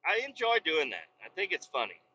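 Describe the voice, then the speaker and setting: A man hosting a podcast, ranting heatedly with constant swearing and bursts of yelling, recorded in the cab of a semi truck while driving. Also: a little high, huge pitch swings, fairly quick, slight background noise. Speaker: podcast host. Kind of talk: profane ranting monologue. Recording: dull lo-fi recording.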